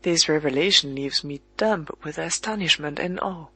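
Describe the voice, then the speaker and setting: An audiobook narrator reading a literary story in a measured, evenly paced way with pauses at the commas. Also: mid-range voice, bright, forceful tone, dry recording, rough recording.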